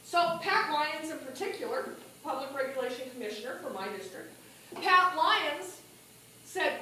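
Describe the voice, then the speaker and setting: Animated woman speaking in an echoey hall. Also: sits high, moderate pace, slight background noise. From New Mexico. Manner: animated, asks the audience questions. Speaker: political speaker. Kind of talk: speech at a party meeting. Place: meeting hall. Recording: echoey room from a distance.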